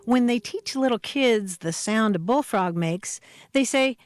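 A woman's voice: on the high side, animated, measured pace, no room sound, studio quality. A woman co-hosting a call-in radio show, passing on listener stories and reading verse aloud.

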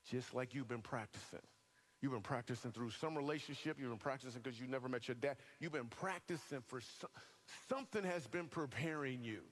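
A man in his thirties preaching a sermon to a live church audience, telling funny stories with lively joking asides. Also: mid-range voice. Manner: animated storyteller, bursts of quick delivery and joking asides.

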